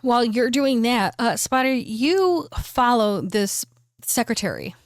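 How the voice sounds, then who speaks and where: A woman's voice: a little high, lively intonation, a little slow, no echo, clean studio sound. A woman narrating a tabletop role-playing game as game master, chatty and casual with many fillers.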